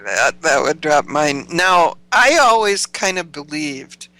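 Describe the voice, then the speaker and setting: A woman's voice: deep voice, big pitch swings, takes it slowly, sharp tone, no room sound, poor audio. A woman hosting a talk-radio interview, mostly chiming in with short interjections and questions. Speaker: talk-show host.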